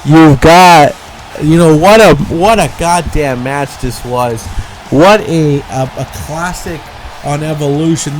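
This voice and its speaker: A man giving casual, rambling play-by-play for a wrestling video game, excitable and quick to correct himself. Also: a little high, low-quality recording. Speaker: game commentator.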